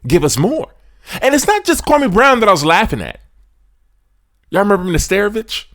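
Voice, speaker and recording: Animated sports podcast host, lively swooping voice. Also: male voice, high voice, brisk. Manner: preachy, animated, swings from loud to hushed asides; casual slang, addresses listeners directly. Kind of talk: sports commentary monologue.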